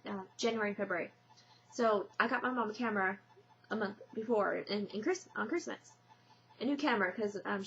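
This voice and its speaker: A woman's voice: fairly high pitch, pushed and bright. A young woman vlogging casually, telling a story in a rambling way with many fillers and restarts. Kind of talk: casual personal vlog. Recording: lo-fi dull webcam audio.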